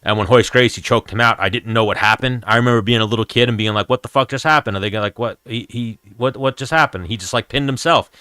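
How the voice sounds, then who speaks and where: A man's voice: lowish voice, fast talker, few pauses, bright, forceful tone, clear, resonant tone, no echo, studio quality. A man, hosting a casual MMA chat stream in a blunt, profane, rambling way. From New York, USA. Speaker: MMA show host answering chat.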